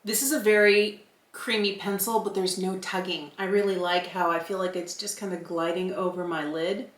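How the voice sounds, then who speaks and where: A woman's voice: lowish voice, steady tone, normal speed. A woman in her fifties doing a casual makeup product review, candidly thinking aloud as she applies each item. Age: 50s. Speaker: beauty vlogger. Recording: roomy echo.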